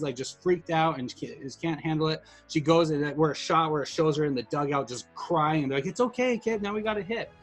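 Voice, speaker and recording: A middle-aged man with a slightly raised voice chats casually on a podcast, rambling and heartfelt, often restarting his sentences. Faint music plays underneath. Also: fairly high pitch. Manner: rambling and emotional, many restarts. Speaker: podcast co-host.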